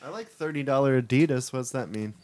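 A man's voice: medium pitch, brisk, a little mellow. A man co-hosting a podcast in casual banter, making wry offhand remarks. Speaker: podcast co-host.

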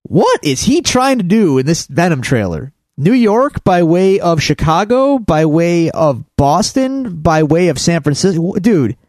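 A man co-hosting a casual podcast chat, his voice fairly high and swinging widely in pitch as he rambles and restarts. The sound is close and dry, with no room echo. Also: very animated, unhurried, few pauses, a little mellow. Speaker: podcast co-host.

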